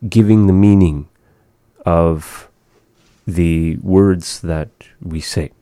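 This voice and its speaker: A man teaching a language in a relaxed conversation, modeling words slowly and patiently. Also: low-pitched, no echo, clean studio sound.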